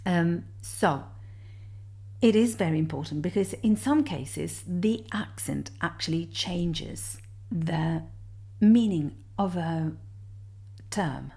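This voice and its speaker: Female theory tutor, low-pitched and unhurried, talks students through answers, counting beats aloud. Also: lively intonation, darkish tone. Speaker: music theory teacher. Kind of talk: explaining exam answers step by step.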